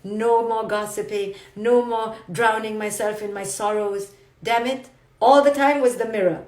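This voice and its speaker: A woman's voice: on the high side, moderate pace, darkish tone. Woman, motivational speaker, emphatic and repetitive, roomy echo. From India. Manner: emphatic, repetitive mantras, rhetorical questions. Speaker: psychologist giving a motivational talk. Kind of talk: livestreamed motivational talk. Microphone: phone or webcam.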